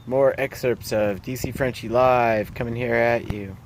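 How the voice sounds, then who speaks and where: A man's voice: medium pitch, fairly even intonation, a little slow, a little hiss or hum. A man ranting in a casual vlog, blunt and profane, rambling through his complaints. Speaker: vlogger.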